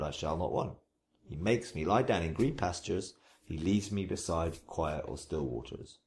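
Earnest, lower-voiced preacher sharing testimony. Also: male voice, a little mellow. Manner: earnest and unhurried, with frequent restarts and repeated phrases; slow, emphatic recitation when quoting scripture. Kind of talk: reflective interview testimony.

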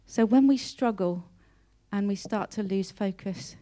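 A woman's voice: medium pitch, measured pace, warm tone. A woman giving a heartfelt personal devotional talk, earnest and emotional, often repeating and restarting her words. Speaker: Christian speaker.

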